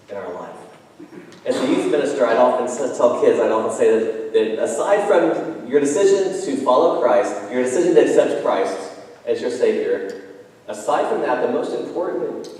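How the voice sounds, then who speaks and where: A man's voice: mid-range voice, mellow. A man preaching a sermon as pastor, telling stories in a conversational way with frequent ums and restarts. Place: church sanctuary. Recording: echoey church hall from far off.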